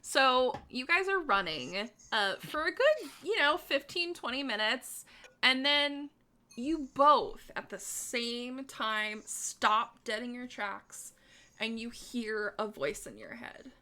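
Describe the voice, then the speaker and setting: A woman's voice: fairly high pitch, expressive, slow, sharp tone. A woman running a tabletop game as game master, narrating in a playful, giggly manner.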